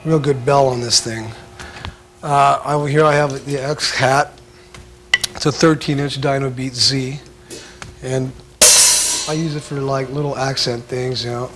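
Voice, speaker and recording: A man giving a casual drum lesson, talking in a laid-back, halting way full of filler sounds. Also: mid-range voice, steady tone, over loud music. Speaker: drum instructor. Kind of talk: casual instructional talk.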